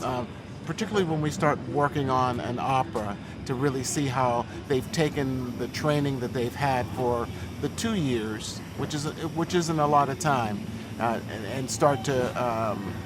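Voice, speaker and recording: A man who directs opera and choral studies, answering thoughtfully in a relaxed interview and pausing often. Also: mid-range voice, background noise. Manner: thoughtful, hesitant, with fillers.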